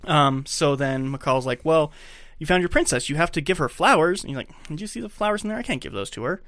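A man's voice: fairly high pitch, lively intonation, brisk, a bit bright, dry recording, studio quality. A man co-hosting a podcast, casually retelling a movie's scenes and acting out the characters' lines. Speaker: podcast co-host. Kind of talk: casual chat, recapping a movie. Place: podcast recording setup.

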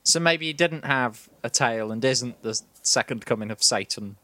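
A man's voice: mid-range voice, normal speed, sharp tone. A man co-hosting a comedy podcast, teasing his partner and sounding incredulous in casual banter. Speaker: podcast co-host.

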